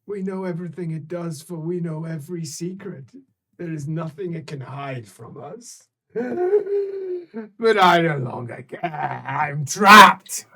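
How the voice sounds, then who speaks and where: A game master voicing an ancient, trapped, secret-keeping creature that whispers low threats and breaks into cruel laughter. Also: moderate pace, warm tone, natural voice. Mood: menacing. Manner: low menacing whispers broken by cackling laughs. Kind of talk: improvised tabletop role-play.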